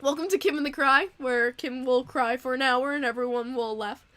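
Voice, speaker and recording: A young woman hosting a casual live-stream podcast, reading out chat donations, chatty and quick to laugh and get emotional. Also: sits high, a bit bright.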